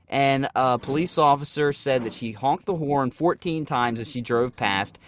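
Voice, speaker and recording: A man co-hosts a comedy podcast, setting up news stories with animated, swear-laced storytelling. His voice sits in the middle range, and the recording is dry and close. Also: mid-range voice, no room sound. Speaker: podcast co-host. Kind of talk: casual comedic podcast chat.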